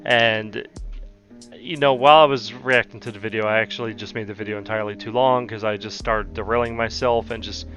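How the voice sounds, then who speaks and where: A man's voice: on the low side, steady tone, brisk, a bit bright, highs cut off, soft background music. A young man from the American South, hosting a profane, heated commentary rant. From Southern United States. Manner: heated, exasperated, heavy swearing. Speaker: commentary channel host.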